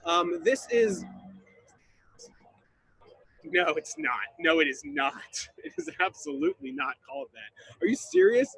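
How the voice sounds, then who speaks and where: A man's voice: sits high, sing-song, measured pace, gravelly, long pauses, a bit bright, breathy edge, heavily acted. A man playing Greg, a goofy drywall installer, rambling and confused through an improvised comic slideshow on a video call. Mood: puzzled. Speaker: presenter in a slideshow game.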